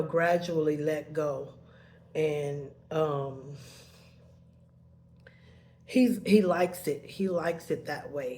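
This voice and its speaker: A woman's voice: low voice, darkish tone, a little hiss or hum. A woman telling a painful personal story in a rambling way, heated at first and then subdued, sometimes tearful.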